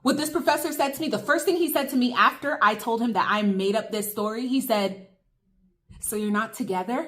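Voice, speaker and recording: A woman's voice: a little high, a little fast, a bit bright. A young woman telling viewers an emphatic, chatty story over a meal in a casual vlog. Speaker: vlogger. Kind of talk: casual storytime while eating.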